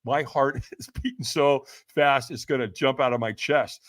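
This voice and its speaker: A man's voice: mid-range voice, fairly even intonation, moderate pace, fairly bright tone, dry recording. A man, a podcast guest, telling a dramatic story, acting out quotes and often checking in with "right?". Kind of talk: animated storytelling.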